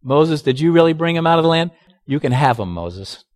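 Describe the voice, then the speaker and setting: A man voicing a sarcastic, mock-forgiving God in a much lower voice than his own. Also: big pitch swings, fairly quick. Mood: dismissive. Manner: mock-indulgent, dry.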